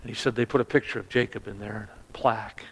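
A man preaching, telling a personal story in a sermon, stammering on restarts and sinking to a hush at the sad moments. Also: fairly low pitch, fairly even intonation, fast, creaky, husky, long reverb tail.

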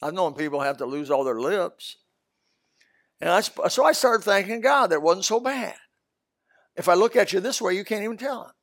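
An older man preaching a sermon in a storytelling way, swinging between loud bursts and soft asides. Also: sits high, lively intonation, normal speed.

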